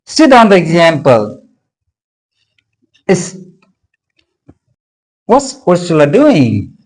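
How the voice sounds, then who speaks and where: Teacher voice for a pronunciation lesson: unhurried, pitch rising and falling widely, repeats points with frequent hesitations. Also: wildly swooping pitch, a little mellow, poor audio. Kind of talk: explanatory lesson.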